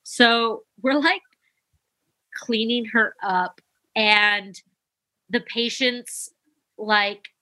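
A young woman nurse telling a story in an animated, casual way. Her voice sits a little high and very bright, and she leaps up in pitch whenever she quotes someone. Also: extremely slow, long pauses. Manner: animated, acts out quotes with big pitch jumps.

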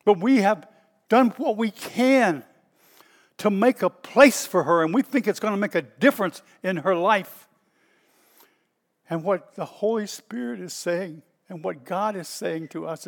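A middle-aged man with a Southern US accent, a pastor preaching in a folksy, storytelling way that bursts out loud at times. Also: high-pitched, moderate pace, vocal fry, big-room sound. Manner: folksy and animated, stretches words, bursts out loud. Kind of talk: storytelling sermon.

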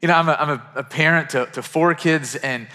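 A man in his thirties from western Kentucky preaching a sermon as pastor, earnest and conversational, restarting phrases and dropping to a hush for quoted lines. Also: on the high side, fairly quick. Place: church sanctuary. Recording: church sanctuary with long reverb.

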